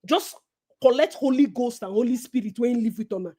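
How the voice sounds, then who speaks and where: A Nigerian woman co-hosting a casual gossip chat, animated and preachy, slipping into Pidgin. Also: fairly high pitch, a little fast. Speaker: co-host.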